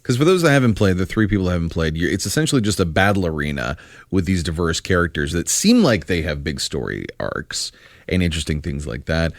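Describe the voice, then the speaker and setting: A man hosting a radio show in the studio, joking and animated as he interviews a guest. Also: sits low, quick pace, dry recording. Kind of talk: casual radio chat.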